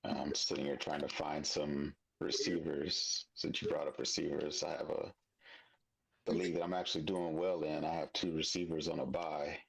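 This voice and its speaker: A man co-hosting a casual sports chat in a calm, matter-of-fact way. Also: rumbling low, moderate pace, creaky, breathy edge, rough recording. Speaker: podcast co-host.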